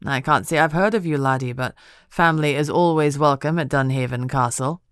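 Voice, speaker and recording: A woman's voice: deep voice, fairly quick, clean tone, no echo, clean studio sound, lightly acted. A woman doing a hearty laird. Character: genial older Scottish laird, hearty host.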